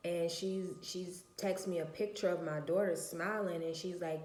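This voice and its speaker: A woman's voice: lowish voice, steady tone, moderate pace, hardly any pauses, a little mellow, roomy sound. A woman, a mother of four, telling her story in a casual vlog in a blunt, emphatic way and swearing freely.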